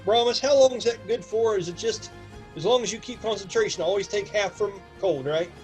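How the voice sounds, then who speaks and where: A man acting as game master, narrating a tabletop game with lively asides and counting out distances aloud to his players. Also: high voice, a little fast, faint music behind.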